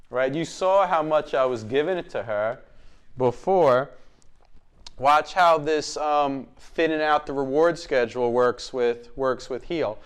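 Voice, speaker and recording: A man teaching dog training, explaining as he works with a dog. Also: clean tone. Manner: gives short commands and praise to a dog, explaining as he goes; slips into a high sing-song voice when talking to the dog. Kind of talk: hands-on training demonstration.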